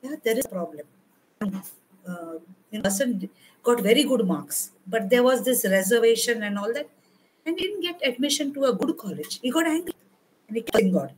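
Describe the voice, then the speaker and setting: A woman's voice: fairly high pitch, lively intonation, moderate pace, slight background noise, low-quality recording. An older woman from India preaching a sermon in a conversational way, often repeating herself and acting out prayers. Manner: conversational, repeats and rephrases, quotes prayers aloud.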